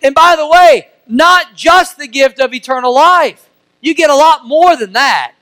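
A middle-aged man from Missouri preaching a sermon as pastor. He uses call-and-response questions and swings from soft to loud. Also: extremely high pitch, unhurried, no echo, rough recording.

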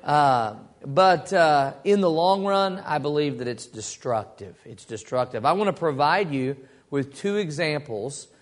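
Folksy male Bible study teacher, higher voice. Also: lively intonation, unhurried. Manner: folksy storytelling with acted quotes.

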